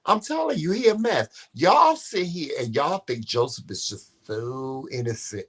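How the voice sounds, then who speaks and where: An animated man co-hosting a laid-back comedy talk show, with a bright, sharp voice. His pitch swings widely as he tells sassy, profane stories. He teases and cusses freely as he talks. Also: a little slow, few pauses, slightly rough. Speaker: co-host. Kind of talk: casual comedic chat.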